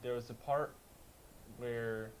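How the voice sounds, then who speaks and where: Man, casual podcast chat, rambling animated retelling, mid pitch, faint fan noise at home. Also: slow pace, poor audio. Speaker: podcast co-host. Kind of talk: casual chat, retelling a show with put-on voices. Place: house with a kitchen fan running. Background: faint fan hum.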